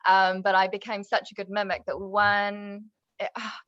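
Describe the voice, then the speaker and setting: A woman's voice: mid-range voice, little pitch movement, moderate pace, fairly bright tone. A woman, a newsreader and TV presenter, chatting as a guest and telling stories with easy laughter. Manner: chatty storyteller, laughs easily. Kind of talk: casual chat. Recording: dull, dry lo-fi sound.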